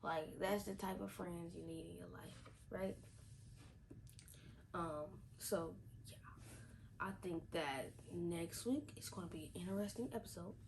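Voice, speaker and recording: A woman's voice: fairly low pitch, unhurried, creaky, long pauses, background noise. A woman reviewing a TV episode in a casual vlog, chatty, repeating herself with lots of fillers. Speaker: TV show reviewer.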